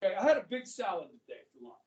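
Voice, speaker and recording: A man's voice: sits high, big pitch swings, very fast, a little mellow. Joking male teacher in an echoey classroom. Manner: casual, joking, fires rhetorical questions at students. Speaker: history teacher. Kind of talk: classroom lecture. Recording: echoey classroom, speaker far from the mic.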